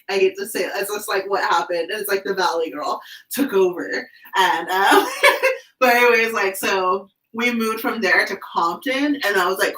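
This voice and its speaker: A woman's voice: mid-range voice, a bit bright. A woman from California hosting a casual skate chat, upbeat and full of "like". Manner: chatty, upbeat, says "like" constantly. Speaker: skate channel host. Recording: roomy sound, distant from the mic.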